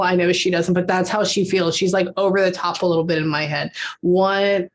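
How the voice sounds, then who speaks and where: A woman giving a psychic reading in casual chat, talking quickly and pausing often to say "hold on" as she relays what she hears. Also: lowish voice. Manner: chatty, animated, acts out quotes, frequent "hold on" pauses. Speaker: psychic medium.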